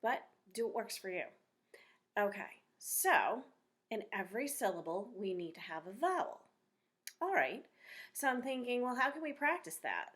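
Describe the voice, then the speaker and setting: A woman teaching a phonics lesson to young children, talking slowly and clearly in an encouraging way. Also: fairly high pitch, sing-song, a bit bright.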